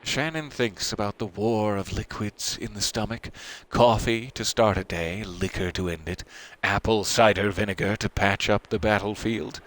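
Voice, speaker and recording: A man's voice: lowish voice, moderate pace, fairly bright tone, low-quality recording. A man hosting a let's play, reading the game's text aloud and adding dry, self-mocking asides.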